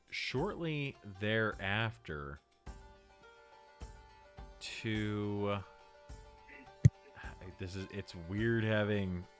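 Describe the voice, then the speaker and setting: A man narrating as game master in a tabletop game, rambling with frequent pauses. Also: sits low, fairly bright tone. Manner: rambling, full of filler and restarts.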